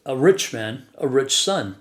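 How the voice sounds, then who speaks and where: A man's voice: medium pitch, expressive, unhurried. A man telling a rambling personal story as an interview guest, often chuckling as he talks. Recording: echoey room.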